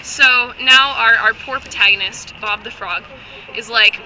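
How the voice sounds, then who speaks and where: Bright-voiced woman telling a rambling joke story. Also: on the high side, a little slow, a little hiss or hum, poor audio. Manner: rambling, joking, many restarts. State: losing her voice. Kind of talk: comic improvised storytelling.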